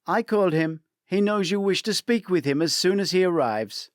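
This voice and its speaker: A man voicing a friendly young female waitress in a spoken audiobook, pitching his voice up. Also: animated, normal speed, dry recording, studio quality. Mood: helpful.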